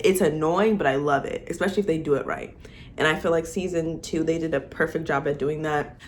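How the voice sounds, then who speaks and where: A woman's voice: sits low, slight background noise. A young woman gushing and laughing as she talks about her favorite TV couples in a casual vlog. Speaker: vlogger. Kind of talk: excited fan commentary.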